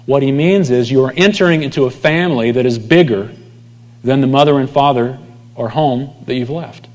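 A man delivers a sermon in a relaxed, conversational tone. His voice sits in an ordinary middle register and sometimes drops to almost a whisper at the ends of phrases. The sound carries a long reverb from a large room. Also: medium pitch, moderate pace. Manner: conversational preaching, dropping to near whispers at line ends. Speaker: pastor.

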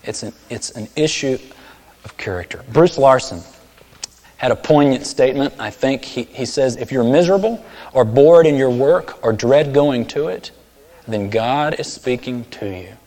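A man's voice: moderate pace, a little mellow. Preaching man in a reverberant hall. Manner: storytelling, acts out voices with big swings in pitch and volume. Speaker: pastor. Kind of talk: sermon.

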